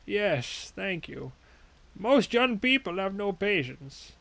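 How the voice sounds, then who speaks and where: Guy doing a frail old widower voice, slow and halting, kinda higher pitched. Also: big pitch swings, vocal fry, a bit bright, full character voice. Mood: wistful.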